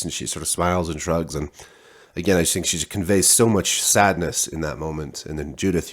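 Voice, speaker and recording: Deep-voiced man giving a rambling review. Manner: rambling, many restarts and fillers. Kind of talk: casual spoken review.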